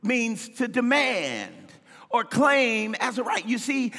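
A man preaching a sermon as pastor, impassioned, swinging between shouts and sing-song cadences. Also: high-pitched, very animated, takes it slowly, gravelly, slightly rough, in a large hall, soft background music. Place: church sanctuary.

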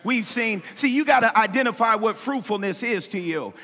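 A man preaching a sermon as pastor, impassioned, swinging between shouts and sing-song cadences. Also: sits high, expressive, normal speed, long reverb tail. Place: church sanctuary.

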